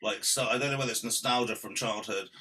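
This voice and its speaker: Bright-voiced joking podcast co-host. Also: male voice, lowish voice, quick pace. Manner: joking, crude, laughs while talking. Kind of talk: casual podcast banter.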